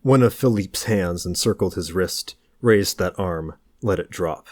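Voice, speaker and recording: A man narrating a novel as an audiobook reader, in a calm, measured way. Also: deep voice, no echo, clean studio sound.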